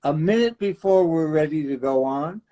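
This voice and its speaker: A man's voice: on the high side, lively intonation, normal speed, warm tone, low-quality recording. A man in his nineties hosting a casual livestream chat, chatty and laughing often as he tells stories. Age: 90s. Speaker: host.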